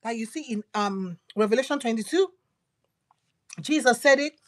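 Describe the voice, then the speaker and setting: Woman preacher, higher voice, emphatic and repetitive, loud lines dropping to whispers. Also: lively intonation, normal speed. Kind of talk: devotional sermon.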